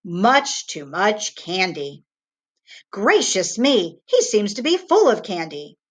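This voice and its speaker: A woman voicing a tall, thin, bald male doctor who speaks slowly and reprovingly. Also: mid-range voice, sing-song.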